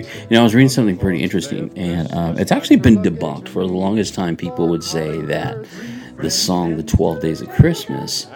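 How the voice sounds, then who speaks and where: A man with a low, gravelly voice co-hosts a morning faith show in a church radio studio. His talk is upbeat and chatty. A music bed runs clearly beneath him. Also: lively intonation, brisk. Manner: upbeat, chatty, reads passages aloud. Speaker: podcast co-host. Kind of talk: casual radio chat.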